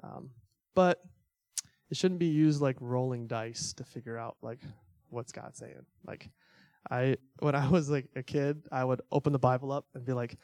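A man's voice: mid-range voice, normal speed, darkish tone, no echo. Casual young man teaching faith. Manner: conversational, filler-heavy, self-deprecating laughs. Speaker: church teacher.

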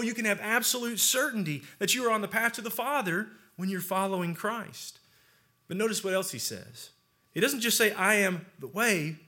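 A young man preaching a sermon, reading scripture aloud and stressing key phrases slowly and earnestly. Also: high-pitched, sharp tone.

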